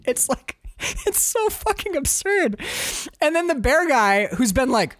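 A man's voice: extremely high pitch, measured pace, no echo, clean studio sound. A man co-hosting a casual podcast, riffing on a film with lots of swearing and laughter, acting out lines from scenes. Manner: animated, profane, laughs often, quotes scenes in voices. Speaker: podcast co-host. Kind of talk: casual movie-riff chat.

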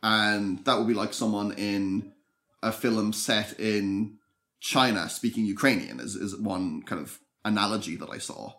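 A man with a somewhat low voice co-hosts a podcast. He talks in a relaxed, thoughtful way, often pausing and restarting his sentences as he works through an idea. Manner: thoughtful, hesitant with many restarts. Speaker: podcast co-host. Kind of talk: casual chat.

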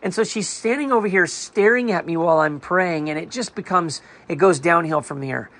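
A man's voice: on the high side, moderate pace, fairly bright tone. A man who runs an online ministry, sharing a personal testimony in an earnest, storytelling way and often acting out other people's voices.

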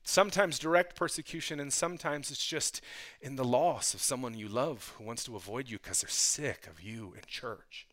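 A male pastor delivers a sermon conversationally, tossing casual asides to the congregation and swinging between hushed passages and loud, fervent ones. His voice is medium in pitch, at a moderate pace.

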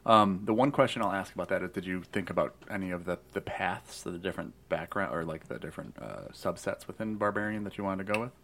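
Easygoing low-voiced man hosting. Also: lively intonation, fast, gravelly, hardly any pauses, a bit bright. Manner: easygoing, hesitant, many restarts. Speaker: podcast host guiding character creation. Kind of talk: casual chat about tabletop game planning.

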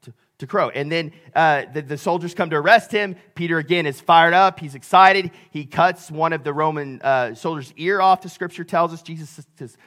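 A male pastor preaching a sermon, telling the story with big swings between loud and hushed delivery. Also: a little high, normal speed.

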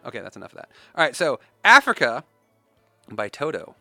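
A man's voice: medium pitch, huge pitch swings, brisk, creaky, bright, forceful tone, no echo, soft background music. A man hosting a podcast in casual chat, rambling with lots of ums and uhs. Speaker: podcast host.

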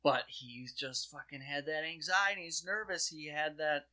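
A man with a fairly high, bright and forceful voice, riffing through a loose, rambling political chat. He talks in an animated way and swears freely as he goes. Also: normal speed.

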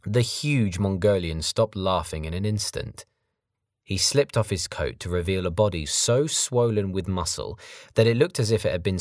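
A man narrating a novel audiobook in a measured, steady reading style. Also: low voice, dry recording, clean studio sound. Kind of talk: scripted narration.

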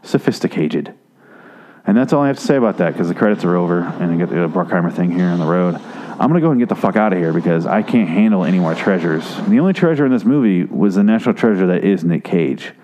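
A man giving a rambling, profane movie review, exasperated and swearing, his voice jumping high when he gets worked up. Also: expressive, fast talker, warm tone, highs cut off, slight background noise. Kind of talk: casual profane movie rant.

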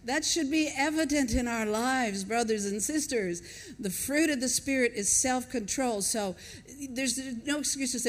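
An older American woman with an American accent softened by years in Australia, preaching a conversational sermon and telling stories to her congregation. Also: on the high side, lively intonation, moderate pace. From United States. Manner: conversational, storytelling, laughs with the congregation. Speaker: pastor. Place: church auditorium. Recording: reverberant church hall.

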